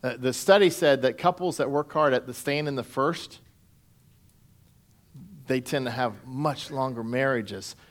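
A pastor preaching a sermon in a conversational way, asking the congregation direct questions. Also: male voice, medium pitch, a little slow, pauses often.

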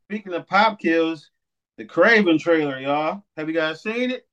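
A man in casual podcast chat, with a voice pitched a bit high. He talks in an animated way, swears freely and laughs often. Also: a little slow, muffled recording. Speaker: podcast co-host.

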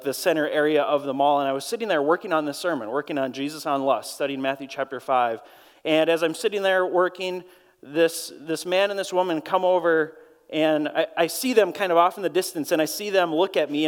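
A man with a Minnesotan accent preaching a sermon to his church, earnest and storytelling, often repeating words as he goes. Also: on the high side. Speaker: pastor. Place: church auditorium. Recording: long reverb of a large hall.

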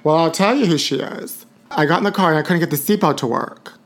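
A woman's voice: low-pitched, fast, faint music behind. A woman hosting a live-stream show in a campy gossip style, calling listeners honey and shrieking woo. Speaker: host. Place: Los Angeles area.

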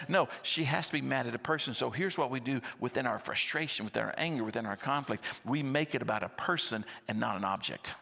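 A man, preaching a sermon in a lively, conversational storytelling style with rhetorical questions, in a church sanctuary. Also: mid-range voice, fast talker, creaky, hardly any pauses. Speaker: pastor. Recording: long church-hall reverb.

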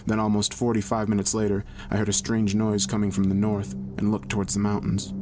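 A man narrating a horror story in a dramatic, measured storytelling style. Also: on the low side, completely flat delivery, a little mellow, faint music behind.

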